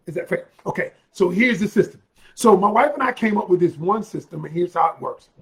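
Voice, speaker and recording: A man giving an emphatic motivational talk as a relationship coach, repeating phrases and bursting into loud, heated stretches. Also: sits high, lively intonation, a little fast.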